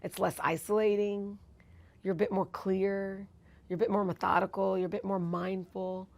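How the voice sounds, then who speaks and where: A woman's voice: mid-range voice, normal speed, vocal fry. A woman in her forties, a TV news host and author, telling personal stories in an interview in an earnest, reflective way. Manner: earnest, reflective, animated when retelling moments.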